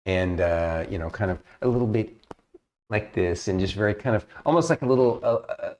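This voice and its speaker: Low-voiced man running a tabletop game. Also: fairly quick, a little mellow, muffled recording. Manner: hesitant, many fillers and restarts. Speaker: dungeon master.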